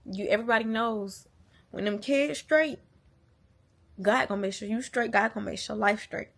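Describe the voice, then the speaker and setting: Young mom vlogger venting on camera, blunt, heartfelt, salty language, mid-range voice. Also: female voice, mid-range voice, moderate pace, gravelly. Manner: blunt, heartfelt, swears freely, repeats herself for emphasis. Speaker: mother venting on a channel. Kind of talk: candid casual venting monologue.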